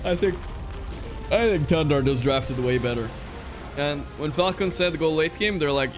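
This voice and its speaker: A man's voice: on the high side, normal speed, faint music behind. A young man with a Swedish accent, casually commentating and chatting on his stream, swearing freely and joking at his own expense. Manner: swears a lot, casual slang, laughs at himself.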